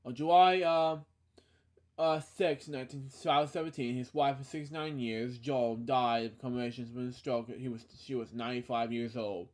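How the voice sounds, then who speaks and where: A young man hosting a podcast, reading a tribute aloud in a halting way with many fillers and restarts, out of breath. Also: mid-range voice, fairly even intonation. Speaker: podcast host.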